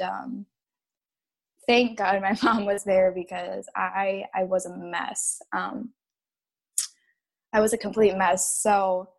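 A woman's voice: medium pitch, creaky. Emotional woman recounting a hard story. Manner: emotional, halting, with nervous laughs. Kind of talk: personal story.

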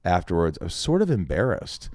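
A man tells a story as a podcast guest, his low voice leaping up and down as he acts out everyone in it. He swears freely. The sound is dry and close, with no room in it. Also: huge pitch swings, brisk, a little mellow, no echo. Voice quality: swears casually, leaps into other people's voices. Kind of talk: animated storytelling with acted-out quotes.

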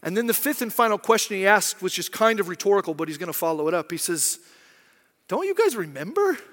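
A pastor delivers a conversational sermon in a high-pitched, fairly bright voice, speaking fast. He acts out quoted voices and often checks in with "right?", and the recording carries long hall reverb.

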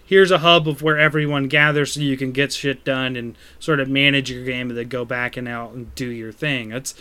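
A man hosting a casual chat about games over an online call, relaxed and chuckling often. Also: mid-range voice, fairly quick, clear, resonant tone. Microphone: video call. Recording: online call, connection glitches.

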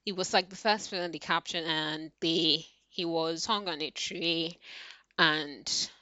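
A woman's voice: low-pitched, fairly even intonation, a little slow, sharp tone, no room sound. A woman ranting casually about a book she read, heated and exasperated, swearing often, with many fillers. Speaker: book reviewer. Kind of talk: casual book review rant.

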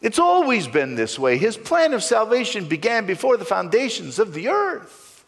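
A man's voice: high voice, huge pitch swings, moderate pace, vocal fry, a bit bright, big-room sound. A male pastor preaching a sermon, stressing key words with sweeping rises and falls.

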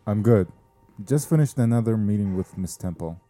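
A man playing a formal interrogator questioning an accused woman in an audio drama, measured and insistent. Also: lowish voice, lively intonation, dark tone, faint music behind, close to an everyday voice. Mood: deferential. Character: stern male interrogator, officious and persistent.

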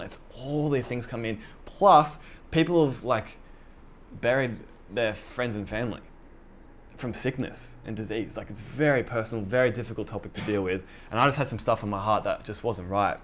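A man's voice: fairly low pitch, a bit bright, a little hiss or hum. Young man preaching in a casual ramble. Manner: conversational, self-deprecating, lots of fillers, quoting himself. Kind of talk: casual sermon storytelling.

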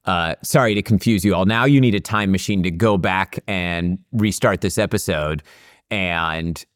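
A man's voice: deep voice, normal speed, no echo, clean studio sound. A man co-hosting a podcast, upbeat and chatty with plenty of fillers. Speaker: podcast co-host. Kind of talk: casual podcast chat.

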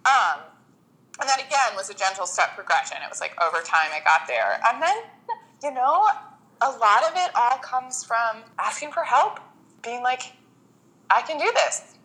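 A woman's voice: a little high, normal speed, low-quality recording. A woman guest in a casual interview, telling her story with feeling and acting out what people say. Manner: emotional, animated storytelling with acted-out quotes.

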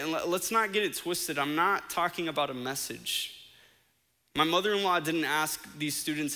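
A man's voice: fairly high pitch, normal speed, bright, forceful tone, big-room sound. A man preaching an earnest, conversational sermon, with frequent restarts and fillers.

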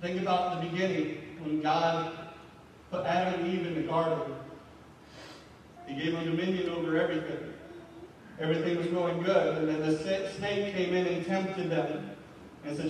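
A man's voice: fairly high pitch, flat delivery, normal speed. A man preaching a sermon in a conversational way, often checking in with "right?", recorded from far off in a large hall. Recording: echoey hall from far off with faint noise.

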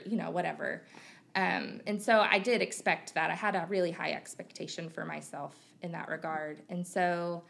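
A woman's voice: mid-range voice, creaky, a bit bright. A woman in her thirties from Missouri, speaking as a podcast guest with open, reflective talk and frequent fillers. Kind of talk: candid conversational interview.

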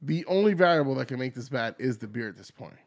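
Casting: male co-host, mid-pitched voice, relaxed profane banter. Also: fast talker. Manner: casual, profane, playful. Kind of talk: casual tasting chat.

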